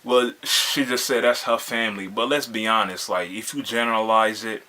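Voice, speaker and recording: A man's voice: fairly low pitch, steady tone, normal speed, bright, forceful tone. A man hosting a reaction video, commenting casually in laid-back slang and often asking "you feel me".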